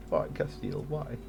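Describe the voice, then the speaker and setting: A man with a mid-range voice and some vocal fry streams his strategy game from home over live voice chat, thinking aloud and tossing in jokes. Background noise is audible throughout.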